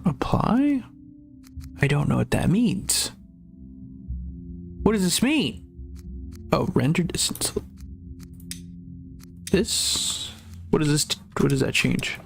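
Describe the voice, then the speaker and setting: A young man streams a game and talks slowly and loosely, sounding tired. His voice sits a bit high for a man. Faint game music plays under his rambling chatter. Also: sing-song, vocal fry. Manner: rambling, casual, drops swear words, mumbles while fiddling with settings. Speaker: gaming streamer. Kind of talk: casual gameplay stream talk.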